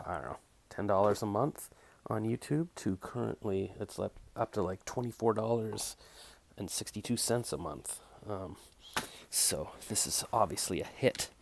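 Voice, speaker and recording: A man's voice: fairly low pitch, darkish tone. A middle-aged man rambling through a casual recap of his day, filmed on a phone while tidying his bedroom. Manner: rambling, chatty, self-mocking. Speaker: vlogger. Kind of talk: casual daily recap vlog. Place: bedroom at home. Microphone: phone camera.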